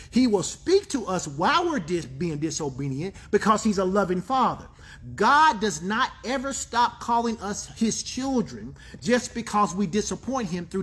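Emphatic, husky-voiced male pastor preaching. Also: high-pitched, a bit bright. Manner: emphatic preaching with repeated phrases and congregation call-and-response. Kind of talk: sermon.

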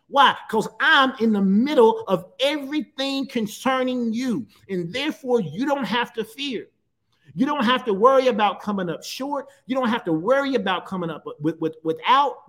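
A middle-aged pastor delivers a sermon in a notably high-pitched voice. He preaches emphatically, repeating phrases and drawing out key words for weight. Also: lively intonation, moderate pace, a bit bright.

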